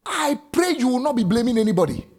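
A man in delivers a sermon with a husky edge. His voice sits high and swings widely. He drops to low asides, then rises into shouted prayer. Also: very animated, quick pace. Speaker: pastor.

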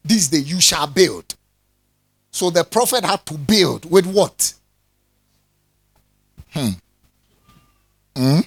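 Lively high-voiced man preaching. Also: slow, pauses often, breathy edge. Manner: animated preaching, jokes with the congregation, calls for responses. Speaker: pastor. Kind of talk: sermon.

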